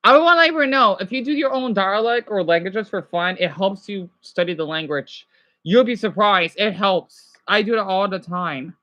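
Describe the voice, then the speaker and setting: A man's voice: sits high, moderate pace, bright, forceful tone, no echo. A man streaming live and chatting casually with viewers, rambling, correcting himself and slipping in French phrases. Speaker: livestreamer answering viewers.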